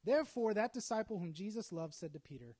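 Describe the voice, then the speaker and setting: A man's voice: sits high, lively intonation, fast talker, a little mellow. A man preaching a sermon, telling a story dramatically with acted asides.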